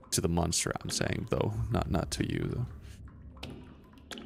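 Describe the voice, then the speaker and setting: A man with a somewhat American accent, commentating his gameplay on a live stream with profane, wry asides. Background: game sounds and rumble.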